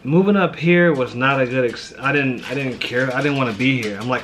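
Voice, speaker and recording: A man who grew up in St. Louis talks in a casual, heartfelt way as a pastor hosting a vlog. His voice sits at an ordinary middle pitch, and he keeps dropping in "man" and "you know". A faint hiss runs underneath. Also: a little fast, few pauses, a bit bright. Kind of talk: casual reflective chat.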